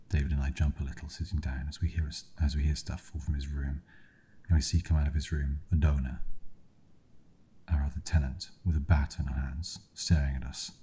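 A man reading a spooky bedtime story aloud in a soft, hushed whispered role-play. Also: rumbling low, slightly rough. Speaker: ASMR storyteller.

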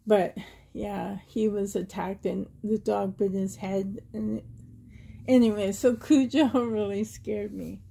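A woman's voice: mid-range voice, slow pace, vocal fry, dark tone, husky. A woman from Canada vlogging in a chatty, rambling way, often laughing and getting emotional. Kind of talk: casual chatty tag video.

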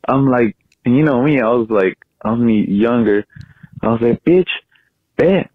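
A man's voice: mid-range voice, steady tone, moderate pace, no echo. Crude young man on a tinny voicemail. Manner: crude, boastful, profane. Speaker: caller. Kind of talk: voicemail story.

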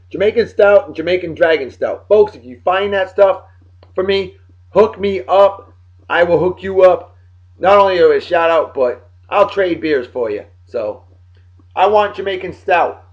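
Brash joking man, dull lo-fi audio. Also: a little high. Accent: Texan. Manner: brash, jokey, hyped patter. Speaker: beer show host. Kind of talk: casual beer review vlog. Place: home desk by a computer.

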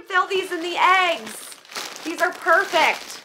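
A woman's voice: extremely high pitch, lively intonation, slow pace, sharp tone, slight background noise. A woman vlogger chatting casually to her viewers while opening donations, gushing with thanks and saying "like" and "oh my gosh" a lot. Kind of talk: casual live chat to viewers.

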